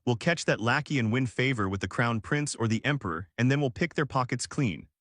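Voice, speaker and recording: A man's voice: medium pitch, animated, brisk, fairly bright tone, no room sound, clean studio sound. A man voicing a shameless, money-hungry young mage with a mocking tone. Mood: scheming. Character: scheming greedy young male mage.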